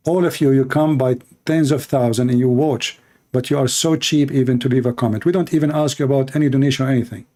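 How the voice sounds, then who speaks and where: Male streamer, hoarse, mellow low-toned voice, scolding and preachy sign-off. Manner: scolding and preachy, with slow emphatic repetition. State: hoarse, losing his voice. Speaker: host of a live-streamed religious debate channel.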